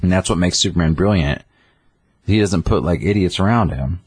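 A man's voice: low-pitched, moderate pace, slightly rough, dry recording. A man retelling comic book scenes in casual chat, acting out the characters as he goes. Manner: animated storytelling, acting out characters. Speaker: comic book podcast co-host.

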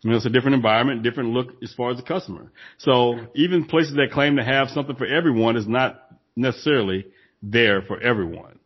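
Husky emphatic man, casual business talk. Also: medium pitch, fast, dull audio. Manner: emphatic, repeats phrases for stress. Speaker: podcast co-host, former gym owner.

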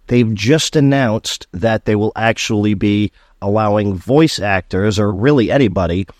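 A man hosting a casual solo podcast, talking in an animated, sarcastic ranting way. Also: fairly low pitch, moderate pace, dry recording, clean studio sound. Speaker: podcast host.

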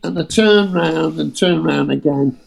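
A man's voice: a little high, unhurried, creaky. A British man telling casual, foul-mouthed anecdotes as a guest. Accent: British English. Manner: swears freely, lively storyteller.

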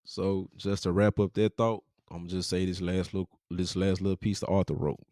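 A man with a low, mellow voice hosts a podcast, reading book passages aloud and breaking in with casual, profane remarks. The sound is dry and close, with no room behind it. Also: fairly even intonation, fairly quick, no echo. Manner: casual, profane asides between quotes. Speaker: podcast host.

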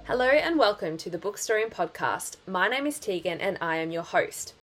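A woman's voice: medium pitch, lively intonation, brisk, fairly bright tone, faint music behind. A woman with an Australian accent hosting a podcast, chatting casually with many ums and restarts. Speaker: podcast host. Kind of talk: casual chat.

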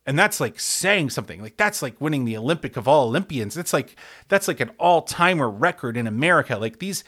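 A man's voice: medium pitch, brisk. Man on a profane, rambling sports rant. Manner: animated, rambling, stammers and restarts often; heavy swearing, hyperbolic. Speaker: sports podcast host.

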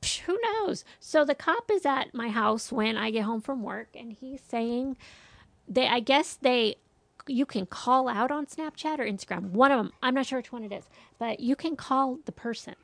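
A woman's voice: on the high side, normal speed, gravelly. A middle-aged woman, a mother, telling a story in casual chat and acting out what others said. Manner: animated storytelling, quoting others.

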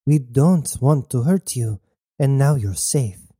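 A man's voice: mid-range voice, takes it slowly, slightly rough, no room sound, clean studio sound. A man voicing a cold, intense mother. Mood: calm, intense. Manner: calm, formal speech without contractions.

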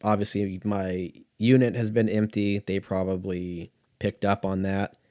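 A man from California with a slightly low voice tells a long story in a loose, profane, rambling way. He drifts onto tangents and then pulls himself back on track. It sounds like an unscripted chat with his regular listeners. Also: flat delivery, measured pace, mellow. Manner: profane, rambling, easily sidetracked. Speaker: host. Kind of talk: casual storytelling monologue.

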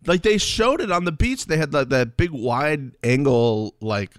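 Lively man podcasting, dry sound. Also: on the high side, a little slow, dry recording. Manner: animated, slips into mimicking voices. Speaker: podcast co-host. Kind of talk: casual recap chat.

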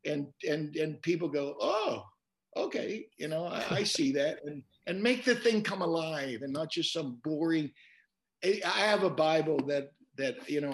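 Male pastor guest, slightly high voice, animated preacher-style storytelling in conversation. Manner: animated storyteller, repeats words while quoting scripture.

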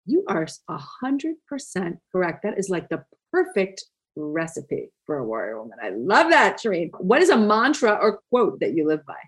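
A woman's voice: lowish voice, huge pitch swings, moderate pace, husky. A woman hosting an interview, upbeat and encouraging in casual chat. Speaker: interview host.

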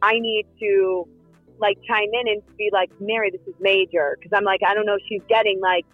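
A woman's voice: medium pitch, a little fast, dry recording, soft background music. Chatty woman on a dull lo-fi line. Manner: chatty, animated storyteller with lots of fillers. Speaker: reality show cast member. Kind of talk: casual interview answers. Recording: dull lo-fi sound.

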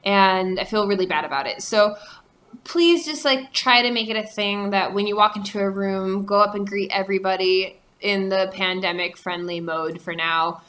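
Woman cohost giving advice, bright voice, jokey and deliberate. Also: mid-range voice. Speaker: podcast co-host. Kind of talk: casual chat.

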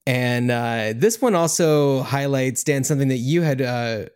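A man's voice: mid-range voice, a little slow, darkish tone, smooth. A man co-hosting a casual movie review podcast, talking in a rambling, enthusiastic way full of fillers. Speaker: podcast co-host.

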